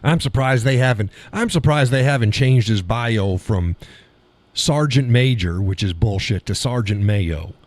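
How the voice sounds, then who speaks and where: A man's voice: medium pitch, animated, measured pace, no echo. A man hosting a live stream, reading chat and giving blunt, scornful commentary with frequent laughs.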